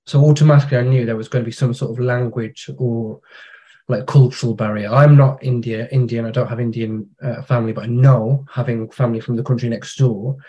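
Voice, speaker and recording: A man's voice: mid-range voice, steady tone, fairly quick, warm tone, muffled recording. Frank man telling anecdotes. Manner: anecdotal storytelling, frank, British slang. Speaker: podcast guest, digital marketer. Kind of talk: casual conversation.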